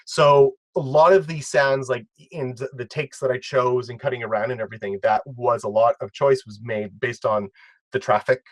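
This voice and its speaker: A man co-hosting a casual video commentary, talking in a rambling, excitable way with many restarts. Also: mid-range voice, normal speed, no room sound. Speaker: co-host and video editor.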